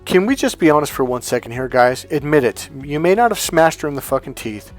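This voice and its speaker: A man delivers a heated, profanity-laced coaching monologue, jumping in to act out both sides of a couple's argument. His voice sits fairly high for a man. Faint music plays behind him. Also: animated, a little fast. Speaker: relationship coach.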